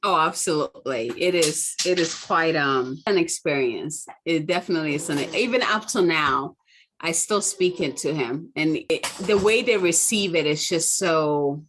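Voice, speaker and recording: A woman's voice: deep voice, moderate pace, a bit bright, a little hiss or hum. A woman guest in a casual interview, speaking earnestly and enthusiastically, often saying "like". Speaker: guest author and healer.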